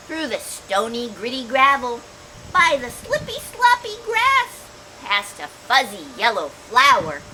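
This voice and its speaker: A woman's voice: on the high side, sharp tone, a little hiss or hum, low-quality recording. A woman volunteer reading a children's picture book aloud, playful, acting out sound effects and chatting to the young listeners between pages. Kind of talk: children's story read-aloud.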